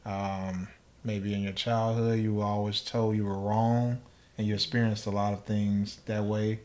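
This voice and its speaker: A man's voice: fairly low pitch, level tone, measured pace, darkish tone. A man as a podcast guest, talking thoughtfully in casual chat and acting out small exchanges. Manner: thoughtful, acts out little dialogues.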